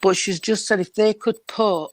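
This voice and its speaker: A woman's voice: medium pitch, steady tone, moderate pace, no room sound, low-quality recording. A woman giving a spiritualist mediumship reading, emotional and affectionate, calling the listener darling and sweetheart. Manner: emotional, tearful, affectionate, calls people darling. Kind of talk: mediumship reading in a church service.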